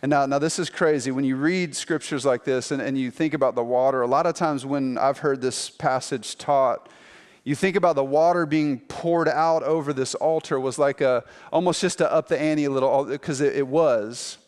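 Animated pastor preaching in an echoey church hall. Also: male voice, mid-range voice, normal speed, clean tone. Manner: animated storytelling, acts out quotes in playful voices. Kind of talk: sermon.

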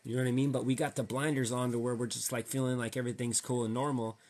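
A man's voice: mid-range voice, little pitch movement, quick pace, a little mellow. A young man ranting casually to his viewers, full of slang and rhetorical questions. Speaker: vlogger.

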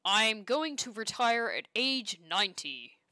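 Lady doing a dopey american dude, mock accent, loud and super slow, bright clear voice. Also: a little high, sing-song, no room sound, clean studio sound, heavily acted. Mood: goofy. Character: goofy slow-talking American man.

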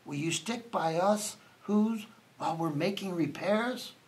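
A man doing a tiny, soft-spoken town mayor. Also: high voice, sing-song, slow pace, creaky, full character voice. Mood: grateful.

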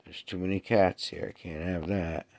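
A sick, short-of-breath man at home with his cats, cooing to them in a raised voice and otherwise muttering low in casual chat. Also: steady tone, normal speed, a little mellow. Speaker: cat owner filming his pets.

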